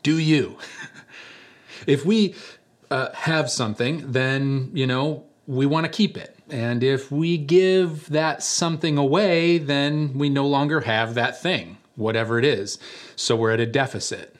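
A male pastor delivers a sermon in a relaxed, conversational way. He tells stories with a light touch and now and then acts out the people in them. His voice sits at an ordinary middle pitch. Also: slow. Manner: conversational storytelling with animated voices for quoted characters.

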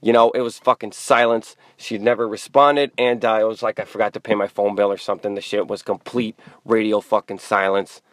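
A man's voice: fairly low pitch, flat delivery, brisk, hardly any pauses, no echo, clean studio sound. A man telling a rambling dating story in a blunt, profane, casual way, full of fillers. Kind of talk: crude casual storytelling monologue.

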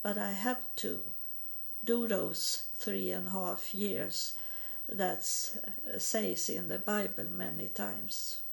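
Slow, gravelly woman. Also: medium pitch, steady tone. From Sweden. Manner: halting, repeats words, broken grammar. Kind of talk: personal religious testimony.

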